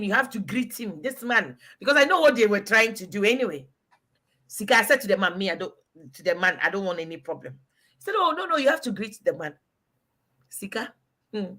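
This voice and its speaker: A woman from Ghana with a medium-pitched, bright, forceful voice chats casually and emphatically, giving relationship advice and calling out to a listener by name.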